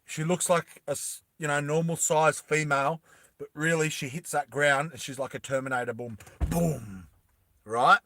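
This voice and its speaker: A man casually telling a story to his live chat, animated, laughing often and acting out the characters. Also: fairly high pitch, normal speed, no echo, clean studio sound.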